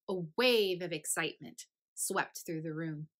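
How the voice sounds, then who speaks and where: A woman's voice: fairly low pitch, moderate pace, rough recording. Playful woman reading a storybook aloud. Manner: animated, playful, with hushed asides. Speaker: storybook reader. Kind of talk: children's read-aloud.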